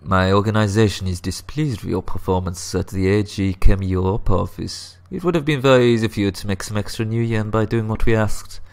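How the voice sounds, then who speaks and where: A man's voice: on the low side, fairly quick, few pauses, natural voice. A man voicing a displeased male corporate fixer from a video game, speaking in a cold, reproachful way.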